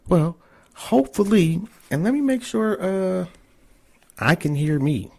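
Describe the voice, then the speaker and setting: A man's voice: high voice, very animated, unhurried, gravelly, dark tone. Male podcast host, loose and profane, casual interview chat.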